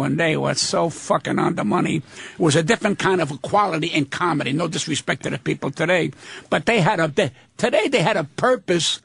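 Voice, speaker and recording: Gravelly older man ranting profanely. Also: sits high, a bit bright, dry recording. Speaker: comedian guest. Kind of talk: radio talk show banter.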